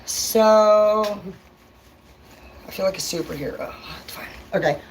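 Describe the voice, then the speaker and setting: A woman's voice: medium pitch, takes it slowly, a little hiss or hum, low-quality recording. A woman vlogging in a casual livestream rant, blunt and profane, talking straight to her viewers.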